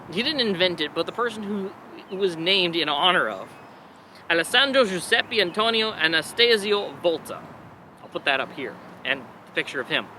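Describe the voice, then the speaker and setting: A man's voice: fairly high pitch, noisy background. A young man, a father of a baby, teaching a casual science lesson in a chatty, digressive way with playful asides.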